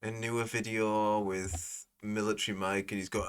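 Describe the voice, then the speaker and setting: Guy ranting late at night, low voice, lots of swearing. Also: flat delivery, moderate pace, few pauses, smooth. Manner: rambling, sweary, sardonic. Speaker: commentator. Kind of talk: casual commentary.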